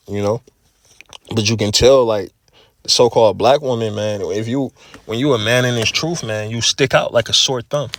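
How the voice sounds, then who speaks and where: A man's voice: lowish voice, normal speed, no room sound, studio quality. A man giving a casual spoken religious testimony, profane and full of repeated words and fillers like "you know", "man" and "okay". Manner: profane, repeats words and fills with 'you know', 'man', 'okay'. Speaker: religious speaker.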